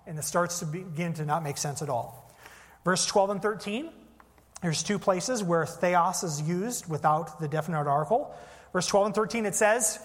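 A man's voice: sits high, lively intonation, fairly quick. A man preaching a teaching sermon, explaining points step by step with frequent fillers. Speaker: pastor. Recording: long hall reverb.

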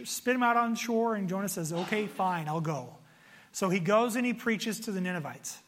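High-voiced pastor preaching in a reverberant hall. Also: male voice. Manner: conversational, animated preaching with asides to the congregation. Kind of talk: sermon.

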